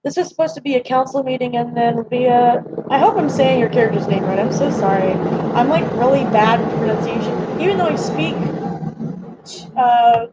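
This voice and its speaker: A woman's voice: on the high side, moderate pace, heavy background noise. Chatty young woman live-streaming from home. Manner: chatty, rambling, lots of fillers. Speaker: livestream host. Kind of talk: casual live-stream chat. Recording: slightly dull lo-fi stream audio.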